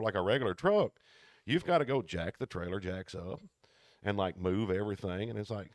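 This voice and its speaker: A man co-hosting a podcast, telling work stories in a casual, animated way and acting out the people he quotes. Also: lowish voice, a little fast, no echo, studio quality. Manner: animated storyteller who acts out quoted people. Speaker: podcast co-host. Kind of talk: casual storytelling chat.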